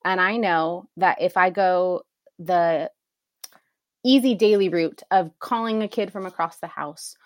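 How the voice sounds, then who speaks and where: A woman's voice: lowish voice, measured pace, no room sound, studio quality. A woman in her thirties co-hosting a casual chat, explaining her points and laughing easily. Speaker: podcast co-host.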